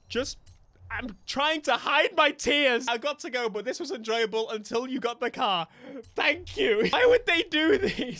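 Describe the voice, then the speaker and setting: A young man, giving animated, jokey live gameplay commentary as a streamer, with sudden bursts of mock outrage. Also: high-pitched, dry recording. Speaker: gaming streamer.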